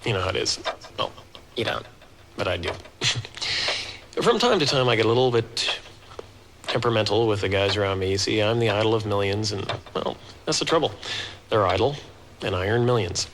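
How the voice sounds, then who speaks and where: Max Headroom, a stuttering computer host. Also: male voice, fairly low pitch, expressive, normal speed, pauses often, a bit bright, a little hiss or hum, low-quality recording. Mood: boastful. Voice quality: glitchy stutter, repeating syllables. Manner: cheeky, punning, self-important. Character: smug stuttering male computer-generated TV host. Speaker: talk show host.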